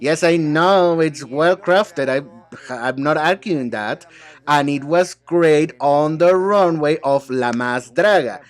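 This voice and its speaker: Speaking slowly in a voice on the high side, a man handles an English dub of reality-show banter on his own. He is a translator, switching between several sassy, bickering speakers.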